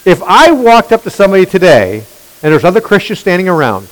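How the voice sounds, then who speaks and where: Preaching with emphasis and animation, this man keeps questioning the people listening to his sermon. His high voice comes quickly, and the recording quality is low.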